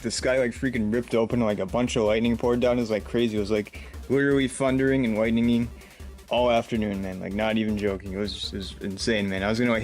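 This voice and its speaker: Rambling, joking young man vlogger. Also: medium pitch. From United States. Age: young adult. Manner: jokey, rambling, many fillers. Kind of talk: rambling casual vlog. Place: home room.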